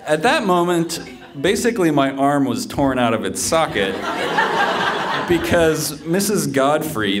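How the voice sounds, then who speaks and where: A man telling a humorous personal story live on stage, in a conversational way with fillers and restarts. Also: medium pitch.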